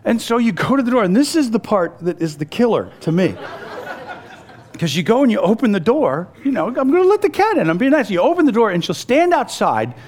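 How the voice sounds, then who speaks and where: A male preacher giving a conversational sermon, telling stories with lively restarts and asides. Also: sits high, brisk. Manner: conversational and animated, with frequent restarts and storytelling.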